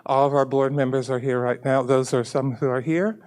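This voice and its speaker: A man's voice: mid-range voice, fairly even intonation, brisk, darkish tone, clean tone. A school superintendent, a man, giving earnest opening remarks at a public committee meeting and repeating key points for emphasis.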